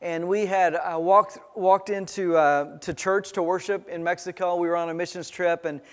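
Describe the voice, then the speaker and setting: High-voiced pastor in a reverberant church. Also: male voice, fairly even intonation. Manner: storytelling, halting with many restarts and fillers. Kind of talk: sermon. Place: church sanctuary. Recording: church sanctuary with long reverb.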